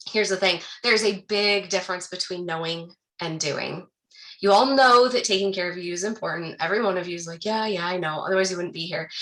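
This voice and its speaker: A woman leading an online wellness workshop, talking to her audience in an upbeat, encouraging way and guiding them through calm breathing. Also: mid-range voice. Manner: slows into soft calm guidance during breathing exercise. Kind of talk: live online workshop talk with guided breathing.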